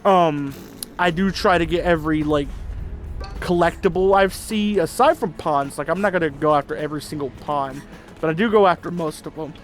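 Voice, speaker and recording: A chatty man talks through a video game in loose, rambling commentary, often laughing along. His voice sits a little high. Quiet game music runs beneath him. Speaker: gaming channel host. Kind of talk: casual let's-play commentary. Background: faint game music.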